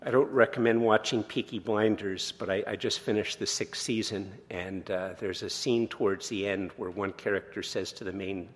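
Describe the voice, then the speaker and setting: A man in his sixties, a pastor preaching a sermon, conversational and self-deprecating, slowing down to read scripture. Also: lowish voice, fairly even intonation. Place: church sanctuary. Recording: long reverb of a church hall.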